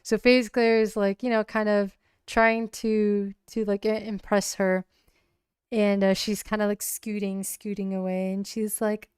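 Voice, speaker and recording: Woman livestreaming her solo ttrpg, slow rambly narration, very clean voice, dry sound. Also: medium pitch, little pitch movement, a little mellow, smooth, no room sound. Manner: rambling, full of likes and ums, giggly. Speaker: solo tabletop player and streamer. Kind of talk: casual livestream game narration.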